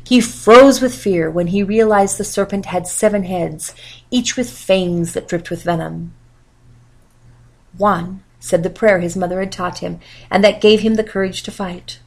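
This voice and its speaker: A woman reading a storybook aloud in a steady, quiet narration. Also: medium pitch, low-quality recording.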